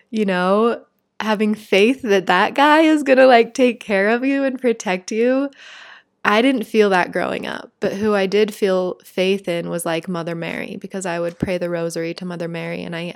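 Recorded dry at studio quality, a woman with a medium-pitched voice speaks earnestly and emotionally through a reflective spiritual monologue. Her delivery is conversational, chatty, and heartfelt, peppered with "like."

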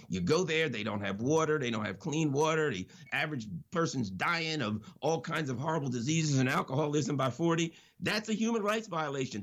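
A man delivers fiery political commentary on the radio, his gravelly voice leaping up and down in pitch. He talks like a preacher, hammering and repeating his points with emphatic force. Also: a bit bright.

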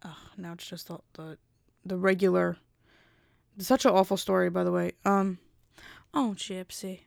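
A young woman vlogger rambles casually to camera, often interrupting herself. Her voice is on the low side, with vocal fry, a flat delivery, and normal speed, recorded at studio quality with no echo.

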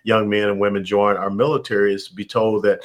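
A man in his sixties speaks with a Southern American accent. His voice sits fairly low, and his delivery is measured and formal. He pauses often with "uh" as he answers interview questions. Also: flat delivery. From Atlanta, Georgia, USA. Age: 60s. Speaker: guest.

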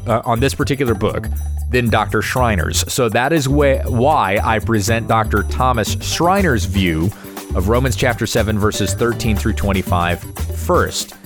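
A man, a pastor, giving a measured, methodical Bible study lesson. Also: fairly low pitch.

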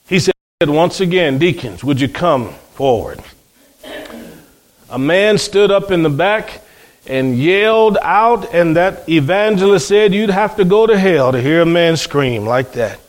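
Male preacher, high voice, storytelling sermon with acted-out quotes. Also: animated, unhurried.

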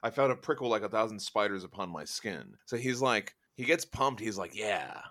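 A man with a fairly low voice talks about a novel in lively, fast bursts. He jumps in with jokes and tosses off quick impressions as he goes, keeping the podcast chat casual. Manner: animated, quick bursts, jokey quoted voices. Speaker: podcast co-host. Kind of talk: casual book club chat.

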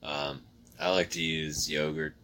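A man's voice: a bass voice, completely flat delivery, a little slow, pushed and bright. A man in casual chat who talks earnestly and eagerly, often calling his friend dude. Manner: earnest, enthusiastic, says dude a lot.

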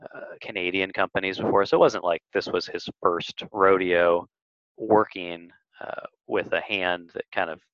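A man, a marketing agency head, talking as an interview guest, telling lively stories and acting out quotes. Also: deep voice, moderate pace, no room sound, dull audio. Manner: animated storyteller, acts out quotes. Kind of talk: casual interview talk.

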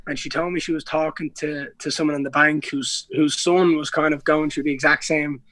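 A man's voice: a little high, flat delivery, a little fast, fairly bright tone, dry recording. A young Irish man in a casual podcast interview, telling stories in a rambling way with many restarts and slang. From Ireland. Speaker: guest, pro MMA fighter.

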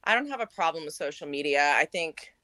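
A woman's voice: low-pitched, expressive, fairly quick, bright, forceful tone, no echo. A woman on a podcast as a guest, speaking bluntly and self-assuredly in casual chat. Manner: blunt, self-assured, dismissive of online haters. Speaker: podcast guest, former reality show cast member.

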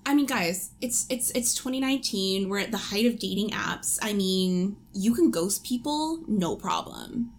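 A woman's voice: mid-range voice, lively intonation, unhurried, few pauses, a little hiss or hum. A young woman co-hosting a podcast, talking candidly and with emphasis about her dating views. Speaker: podcast co-host. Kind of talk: casual chat.

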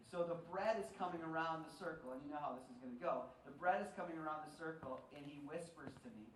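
A man in his forties with a slightly raised pitch lectures in the easy, wry manner of a storyteller. He is picked up from some distance, so the voice rings in a roomy hall with a faint hum of ambience behind it. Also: quick pace. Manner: conversational storyteller, wry humor. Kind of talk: lecture-style talk to a live audience.

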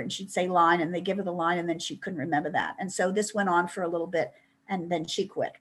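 Older woman, husky voice, chatty anecdotal guest. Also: medium pitch, fairly bright tone. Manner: chatty storytelling, many "you know" asides. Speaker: interview guest. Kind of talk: anecdotal interview.

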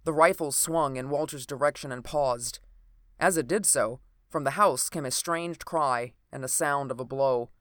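A narrator reading an old adventure novel aloud in a steady, even storytelling manner. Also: medium pitch, moderate pace, no room sound, studio quality.

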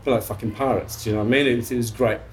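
A middle-aged English man, a chef, telling stories from his career in a casual interview, with restarts, throat clearing and casual swearing. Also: medium pitch, fairly even intonation, rapid-fire. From England. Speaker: chef guest.

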